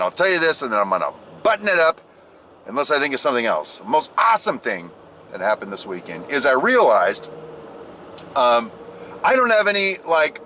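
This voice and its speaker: Animated man telling a jokey story. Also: mid-range voice, a little hiss or hum. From United States. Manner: animated, jokey, swings into loud exclaims and mimicked voices. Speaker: vlogger. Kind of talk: casual storytelling vlog.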